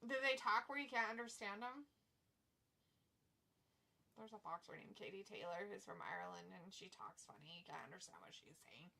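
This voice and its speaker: A woman's voice: mid-range voice, normal speed, gravelly, pushed and bright. A woman co-hosting a live watch-along stream, chatting bluntly and reading chat messages aloud.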